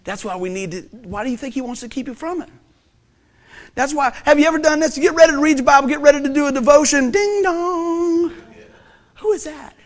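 A middle-aged man preaching a sermon as pastor, animated and joking, telling stories and acting out voices. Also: very high-pitched, a little fast. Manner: animated, joking storyteller who acts out voices.

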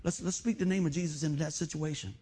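Husky-voiced preacher man. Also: a little high, fast talker, warm tone. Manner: emotional, repetitive exhortation with call-and-response asides. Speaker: pastor. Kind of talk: sermon.

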